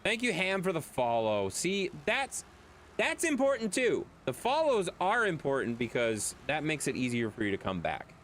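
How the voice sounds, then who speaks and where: A man's voice: fairly high pitch, wildly swooping pitch, moderate pace, fairly bright tone, a little hiss or hum. A man streaming a video game, chatting casually with viewers, reading their chat aloud and laughing often.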